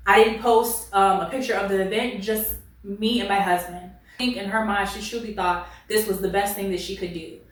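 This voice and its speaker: A woman in her late twenties reads online stories at home and gives her own animated, sassy commentary. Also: medium pitch, normal speed, few pauses, heavy reverb, recorded from a distance, low-quality recording. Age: late 20s. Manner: animated, sassy, laughs a lot. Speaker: reddit story reader and commentator. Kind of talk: casual commentary vlog.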